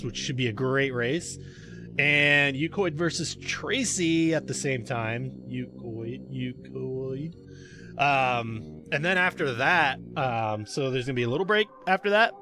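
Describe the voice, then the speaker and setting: A man's voice: mid-range voice, pushed and bright. A man hosting and commenting on a speedrun race livestream, chatty and jokey with frequent fillers.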